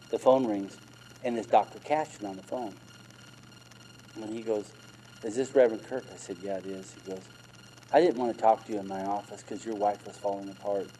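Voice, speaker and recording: A man's voice: on the low side, mellow, a little hiss or hum, low-quality recording. A middle-aged man, a minister, telling his own story as a sermon testimony, retelling conversations with repeated emphatic phrases.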